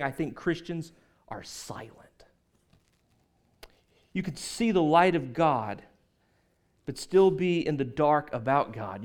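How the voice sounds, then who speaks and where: A man preaching a sermon to his congregation in a conversational way, with asides and quoted lines. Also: a little high. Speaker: pastor. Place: church sanctuary.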